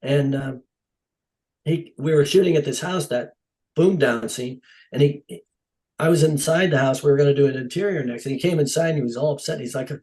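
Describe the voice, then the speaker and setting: Over poor audio from a podcast microphone, a middle-aged stunt coordinator talks a little fast in a fairly high voice. In this casual interview, he tells stories and animatedly acts out the dialogue.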